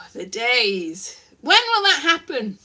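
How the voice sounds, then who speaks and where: A young woman vlogs casually to live viewers, rambling, poking fun at herself, and now and then slipping into silly voices. Her voice is fairly high, sing-song, and very slow, with a bright, forceful, slightly rough tone.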